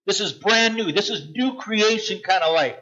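A man preaching a sermon, animated and emphatic, with repeated punchy phrases. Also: high voice, normal speed, dry recording, muffled recording. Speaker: pastor.

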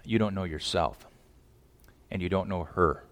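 A man voicing a stern father who warns his son in a low, grave, urgent tone, in a hall with long reverb. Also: fast talker, close to an everyday voice. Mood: warning.

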